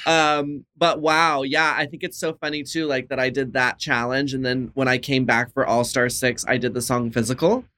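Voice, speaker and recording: A woman's voice: rumbling low, steady tone, normal speed, hardly any pauses, a bit bright. A woman chatting casually on a video call, playful and exclamatory, laughing often. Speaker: drag performer guest. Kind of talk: casual chat.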